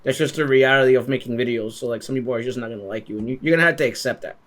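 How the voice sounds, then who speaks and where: A man's voice: mid-range voice, very fast, a bit bright. Casual man who restarts his words. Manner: repeats words, many restarts. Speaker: interviewer. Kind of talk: casual conversation.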